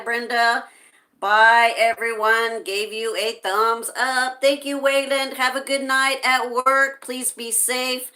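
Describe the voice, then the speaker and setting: A woman hosting a casual livestream, reading viewer comments aloud and answering them gently, with frequent hesitations. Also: on the high side. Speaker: livestream host.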